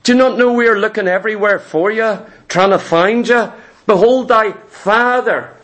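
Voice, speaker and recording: A man's voice: sits high, moderate pace, a bit bright. A male preacher voicing Mary, a worried mother scolding her lost son. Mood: anxious scolding.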